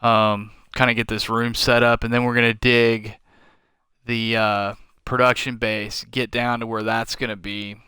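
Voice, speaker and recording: Sleepy male game streamer, slow and rambling, clean bright voice on a dry close mic. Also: mid-range voice, flat delivery, clear, resonant tone, no room sound. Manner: slow, rambling, thinking aloud with many fillers. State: tired, yawning late at night. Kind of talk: casual live-stream commentary.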